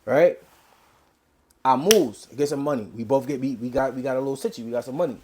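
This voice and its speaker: A man's voice: medium pitch, background noise. A man telling a story in casual street slang, acting out quoted lines as he goes. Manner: animated street slang, quick quoted dialogue. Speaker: interview guest.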